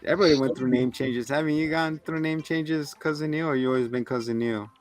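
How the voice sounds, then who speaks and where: A man's voice: on the high side, steady tone, fast talker, soft background music. A young man co-hosting a casual podcast, rambling through stories and poking fun at himself. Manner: rambling storytelling, self-mocking. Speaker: podcast co-host. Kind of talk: casual chat.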